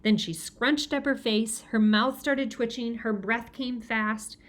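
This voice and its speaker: A woman narrates a children's novel aloud. Her reading is lively and expressive. Her voice sits a bit high. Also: takes it slowly. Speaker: audiobook reader.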